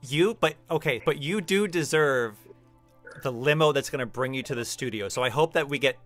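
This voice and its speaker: A man's voice: medium pitch, normal speed, a bit bright, soft background music. A man hosting a podcast interview, effusive and gushing with praise, with some playful teasing. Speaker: podcast host. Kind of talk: casual interview chat.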